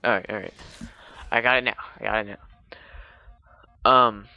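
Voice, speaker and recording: A man's voice: on the low side, steady tone, moderate pace, gravelly, highs cut off. A man casually retelling a film's plot for a video, rambling with lots of fillers and restarts, with teasing asides. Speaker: video blogger.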